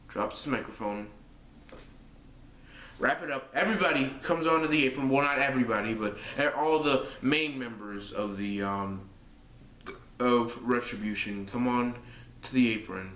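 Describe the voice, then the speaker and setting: A man's voice: mid-range voice, normal speed, long pauses, a bit bright, a little hiss or hum. A young man vlogging casually, rambling through a story with lots of fillers and restarts. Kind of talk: casual fantasy-booking monologue. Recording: echoey room.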